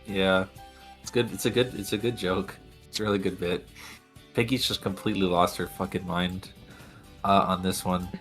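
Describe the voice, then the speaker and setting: A man's voice: sits low, steady tone, moderate pace, a bit bright, faint music behind. A man co-hosting a podcast in casual chat, laughing often, swearing freely and rambling with fillers. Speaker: podcast co-host.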